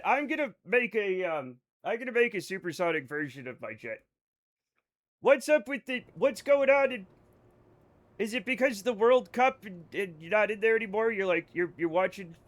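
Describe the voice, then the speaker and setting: American man, high voice, jokey rambling livestream chat, talks to chat. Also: big pitch swings, normal speed. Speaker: game streamer.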